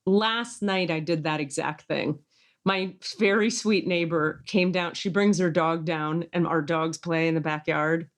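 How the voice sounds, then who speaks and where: A woman's voice: low voice, fairly even intonation, unhurried. Emphatic woman in casual chat. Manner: intense, emphatic storyteller who acts out quoted voices. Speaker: podcast host.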